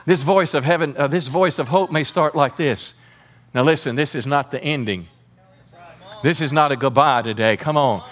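A man's voice: a little high, moderate pace. A man preaching a sermon as pastor, fervent and calling on the congregation to respond.

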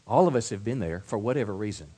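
A middle-aged man preaching a sermon, stumbling and repeating words, swinging from soft asides to loud build-ups. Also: lowish voice, lively intonation, fast. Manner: repeats words and restarts, acts out quoted voices. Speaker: pastor.

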